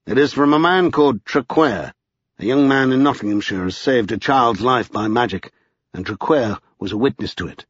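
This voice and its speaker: A man's voice: medium pitch, moderate pace, no room sound, close to an everyday voice. A man voicing a blunt, no-nonsense male servant who speaks curtly and directly. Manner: curt, direct. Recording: slightly dull lo-fi.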